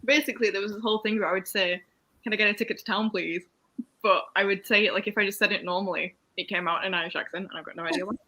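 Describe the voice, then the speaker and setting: A woman's voice: mid-range voice, fairly even intonation, very fast, hardly any pauses, pushed and bright, poor audio. A woman with a Yorkshire accent chatting casually with friends and laughing often. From England, Yorkshire. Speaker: booktuber on a group call. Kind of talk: casual group chat.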